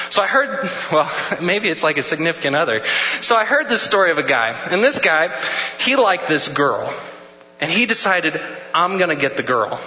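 Brief: young male preacher, humorous storyteller, very bright voice, echoey hall with faint hum. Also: on the high side. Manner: joking storyteller, casual asides. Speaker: student chapel speaker. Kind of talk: humorous sermon.

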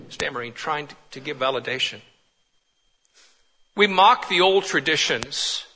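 A man preaching a sermon with passion, swinging from urgent pleading to hushed, quiet lines. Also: high voice. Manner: impassioned, swings from loud pleading to hushed near-whispers.

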